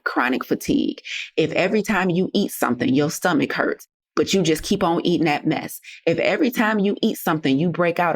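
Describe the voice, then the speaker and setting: Sassy low-voiced woman coach. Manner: sassy, direct, preachy, talks straight to listeners. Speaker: podcast host and health coach. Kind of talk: motivational solo podcast talk.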